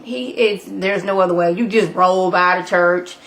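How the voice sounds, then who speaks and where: A woman in a casual video recap, chatty and animated, filling her retelling with "like". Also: mid-range voice, a little slow, slight background noise. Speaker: vlogger.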